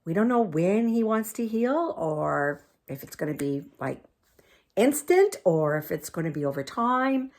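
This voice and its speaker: A woman's voice: fairly low pitch, sing-song, measured pace. An older woman talks casually to her camera in a chatty, rambling way. She laughs often and slips into a cooing tone when she speaks to her dogs. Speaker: vlogger.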